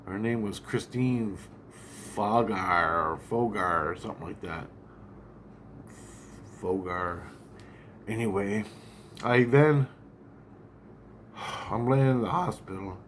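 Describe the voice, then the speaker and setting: A man's voice: lowish voice, slow pace, long pauses, slight background noise. A man talking in a casual vlog monologue, rambling, agitated and heavily profane.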